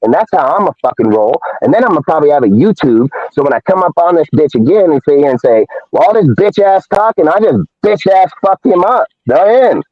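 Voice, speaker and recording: A man's voice: on the high side, sing-song, quick pace, hardly any pauses, no room sound. Fired-up, profane man ranting live. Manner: profane, heated and confrontational. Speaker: live show host. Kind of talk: live-stream rant. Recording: dull lo-fi dry stream audio.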